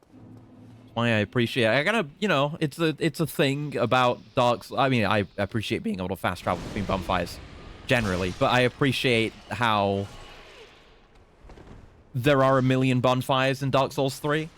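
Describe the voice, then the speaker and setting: A man's voice: medium pitch, normal speed, a bit bright. Chatty British man streaming a game. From Britain. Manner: chatty, swearing, mock-taunting enemies. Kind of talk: casual gameplay commentary.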